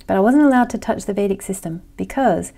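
A middle-aged woman speaks straight to her viewers in a casual, personal monologue, her voice warm and mellow. She thinks aloud as she goes, stumbling over her openings and restarting before settling into the thought. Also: mid-range voice, fast talker. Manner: reflective, personal, with hesitant restarts. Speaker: astrology channel host.

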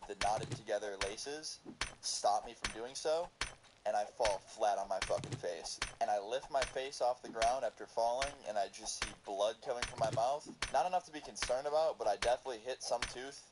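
A man casually telling a story over gameplay, animated and full of swearing. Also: mid-range voice, normal speed. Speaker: gaming video host. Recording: loud background noise.

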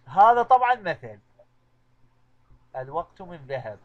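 A middle-aged man lectures a translation class in a slightly high voice. He says example sentences slowly and more than once, then breaks each one down. His is Arabic. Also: big pitch swings, highs cut off. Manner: repeats model sentences slowly, switches between English and Arabic. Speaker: university translation teacher.

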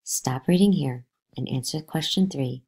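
Low, husky woman reading aloud. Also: measured pace. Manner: lively, voicing quotes with pitch jumps. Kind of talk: classroom read-aloud of a novel.

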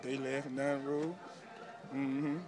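A man's voice: medium pitch, little pitch movement, measured pace. A man from Georgia with a rural Southern accent, joking and cutting up with friends in a yard, laughing and swearing freely. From Georgia, USA. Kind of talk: casual joking among friends. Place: yard outdoors with a group. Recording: loud group of friends around.

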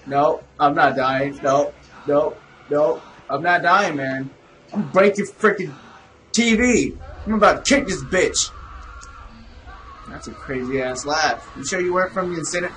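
A young man giving casual, excitable, profane let's-play commentary, shouting reactions at a game. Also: on the high side, unhurried, poor audio. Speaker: gaming video host.

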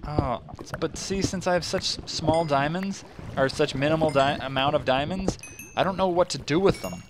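A man hosting a gaming channel, talking to himself in casual, excitable commentary as he plays. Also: fairly high pitch, moderate pace, noisy background. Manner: chatty, excitable, talks to himself while playing.

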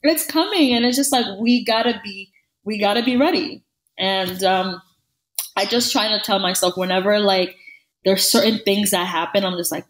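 A woman co-hosting a podcast in casual chat, talking in an animated, emphatic way and repeating phrases for stress. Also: medium pitch, normal speed, low-quality recording. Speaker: podcast co-host.

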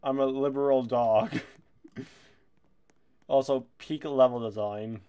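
A man chatting his way through a video game, excitable and quick to laugh. His voice sits at an ordinary middle pitch, and he swears freely as he goes. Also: clean tone, lo-fi sound. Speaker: gaming YouTuber. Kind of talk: casual gameplay commentary.

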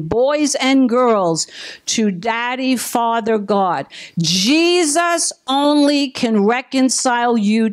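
A woman pastor preaching a sermon with emphasis, acting out the scripture quotes as she goes. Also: on the high side.

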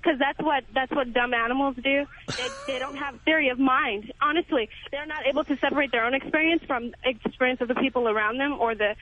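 A high-pitched woman scolds and lectures as a radio caller. Her voice comes over a thin, phone-like line. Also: fairly quick, slight background noise.

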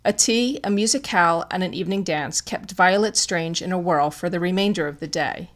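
A woman narrating a classic detective story in an audiobook, with a measured, expressive reading. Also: fairly low pitch.

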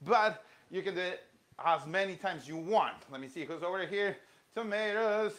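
A man from Colombia, a music teacher giving a lively live lesson from a home kitchen, coaching young viewers with counts and chants. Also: high voice, moderate pace.

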